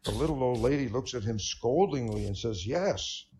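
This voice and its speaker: A man's voice: mid-range voice, expressive, normal speed, darkish tone, slight background noise. A man telling corny proctologist jokes at an online stand-up night, chuckling at his own punchlines. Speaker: comedian. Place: online voice chat room.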